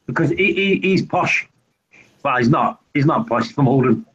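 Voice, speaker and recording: A man's voice: medium pitch, animated, moderate pace, a bit bright, slightly rough. A man from Manchester with a Manchester accent, bantering and laughing in a casual group video chat. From Manchester, England. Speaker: chat guest. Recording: muffled lo-fi call line with faint noise.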